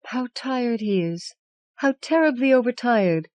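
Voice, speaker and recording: A woman's voice: fairly high pitch, expressive, moderate pace, darkish tone, no room sound, pitched above the performer's own voice, lightly acted. A woman reading the lines of an anxious young wife in an audiobook, urgent and coaxing.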